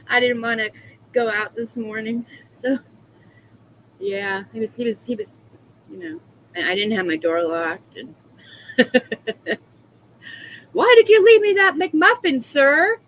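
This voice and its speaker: A woman's voice: mid-range voice, fairly bright tone, a little hiss or hum, rough recording. A woman chatting casually on a live stream from home, congested from a head cold, rambling and laughing often as she greets viewers by name. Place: small room at home.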